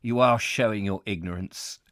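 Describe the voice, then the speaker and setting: A man voicing his older father, gently chiding his grown son for not knowing something. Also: fairly low pitch, moderate pace, no echo, lightly acted.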